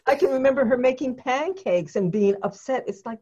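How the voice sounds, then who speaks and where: A woman's voice: high-pitched, expressive, a little fast, hardly any pauses, husky. A woman hosting an interview, affirming and encouraging her guest as she shares her own memories. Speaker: host. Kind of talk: warm interview conversation. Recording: dull lo-fi sound.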